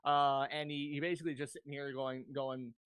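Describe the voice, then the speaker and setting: A man's voice: medium pitch, steady tone, brisk, a bit bright, clear, resonant tone, no echo. A man running a tabletop game, explaining the rules casually with frequent ums. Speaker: game master.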